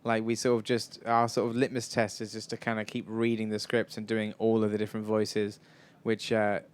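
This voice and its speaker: A man's voice: lowish voice, monotone, a little fast, clear, resonant tone. A man answering audience questions at a live event, chatty and rambling, often self-deprecating. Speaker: filmmaker guest.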